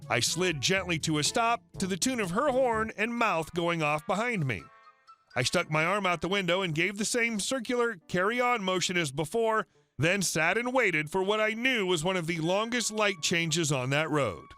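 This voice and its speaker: A man reading first-person internet stories aloud as a narrator in an even, steady storytelling manner. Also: sits high. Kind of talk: scripted narration. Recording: faint music underneath.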